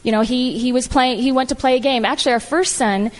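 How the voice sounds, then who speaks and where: A middle-aged woman telling her personal story to an audience, animated and emphatic, acting out the lines she quotes. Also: sits high, fast. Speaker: guest speaker. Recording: long hall reverb.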